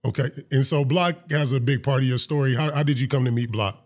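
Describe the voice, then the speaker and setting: Male host, casual interview, short prompting questions, mid pitch. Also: steady tone, a little fast. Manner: brief reactive questions.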